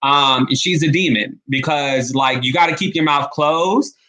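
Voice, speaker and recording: A man's voice: on the high side, unhurried, sharp tone. A man giving casual, emphatic commentary on a vlog, speaking in slang and addressing viewers directly. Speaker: online commentator.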